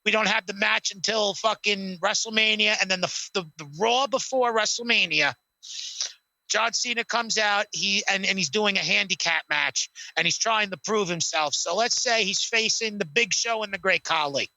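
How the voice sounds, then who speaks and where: A man co-hosts a casual podcast chat at home, rambling, swearing freely, and acting out wrestling scenarios. His voice is high-pitched, bright, and forceful with vocal fry, at a moderate pace. The recording is rough, with no room sound.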